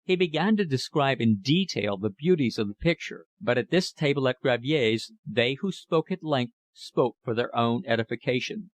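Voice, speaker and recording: In this audiobook, a man narrates a classic novel in a steady, even storytelling style. His voice is medium in pitch and there is no echo.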